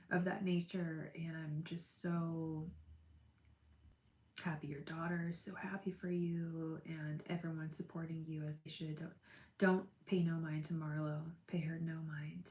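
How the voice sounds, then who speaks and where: A woman's voice: fairly low pitch, fairly even intonation, normal speed, roomy sound. A young woman chatting with viewers on a live tarot stream, gushing and emotional, calling people by name. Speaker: livestream tarot reader.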